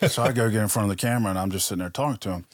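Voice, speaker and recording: Deep-voiced man telling lively stories. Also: racing, no room sound, studio quality. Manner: animated storyteller acting out quoted dialogue. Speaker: podcast guest, police officer. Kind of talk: casual storytelling chat.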